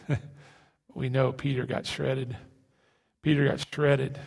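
A male pastor preaching a sermon in a halting way, repeating words and asking rhetorical questions. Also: mid-range voice, flat delivery, creaky, a little mellow, breathy edge, big-room sound.

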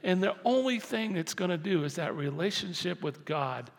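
An older man preaching a sermon as pastor, dropping to soft intimate lows and rising to loud emphatic lines. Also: expressive, moderate pace, creaky. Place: church sanctuary. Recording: long hall reverb.

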